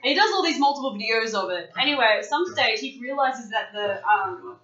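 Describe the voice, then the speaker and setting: A woman's voice: fairly high pitch, lively intonation, a little fast, bright, forceful tone. A woman hosting a casual podcast chat, swearing and laughing often. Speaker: podcast host. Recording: roomy, distant, dull lo-fi recording.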